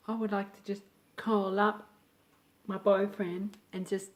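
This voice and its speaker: A man's voice: high voice, level tone, a little slow, voice pushed up. An Australian man voicing a young woman who sweet-talks someone into lending her a phone. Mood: pleading.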